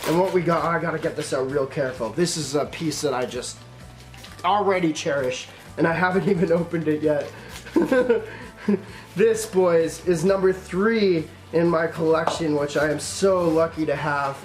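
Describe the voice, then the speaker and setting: A young man casually talking through an unboxing on his vlog, excitable and swearing, calling his viewers man and boys. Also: on the high side. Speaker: YouTuber.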